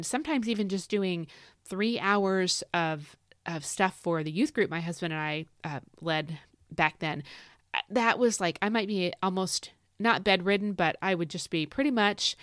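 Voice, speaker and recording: A woman's voice: fairly low pitch, dry recording, clean studio sound. A middle-aged woman hosting a faith podcast, chatting casually and rambling with frequent restarts. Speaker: podcast host. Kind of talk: casual devotional podcast talk. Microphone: podcast microphone.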